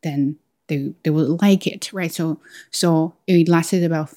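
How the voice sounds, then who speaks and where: A woman's voice: sits low, fairly even intonation, unhurried, dark tone. A young adult woman hosting a podcast, telling a personal story casually and often stopping to restart her phrases. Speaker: podcast host.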